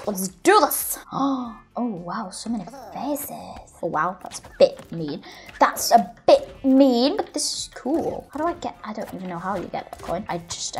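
A gaming video host giving excitable let's-play commentary, full of gasps and squeals, into a desktop microphone. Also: medium pitch.

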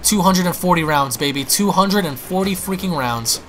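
A young man giving excitable, panicky gameplay commentary, stammering and restarting as he plays. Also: sits high, normal speed, slight background noise. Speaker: gaming YouTuber.

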